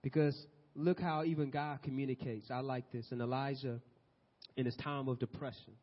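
A man preaching a sermon, swinging from loud urgent exhortation to soft, near-whispered passages. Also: medium pitch, level tone, moderate pace. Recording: dull lo-fi audio.

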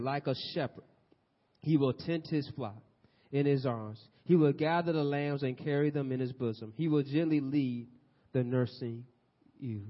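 A man preaching a sermon, swinging from loud urgent exhortation to soft, near-whispered passages. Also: mid-range voice. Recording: dull lo-fi audio.

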